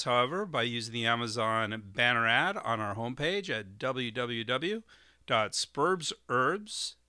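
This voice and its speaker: Male podcast host, bright and dry-sounding, explanatory and a bit rambling. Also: medium pitch, no room sound. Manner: explanatory, with fillers and spelled-out terms. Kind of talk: solo educational podcast.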